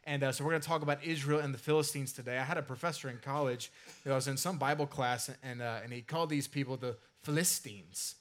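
A man's voice: medium pitch, fast talker, fairly bright tone. A man preaching a sermon in a casual, conversational way, with asides and filler words. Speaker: pastor.

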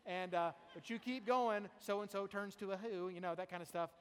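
A man's voice: sits high, fairly even intonation, moderate pace, smooth, long reverb tail. A man preaching a sermon to a congregation in a church, speaking emphatically and often repeating and restarting his phrases. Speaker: pastor. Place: church sanctuary before a congregation.

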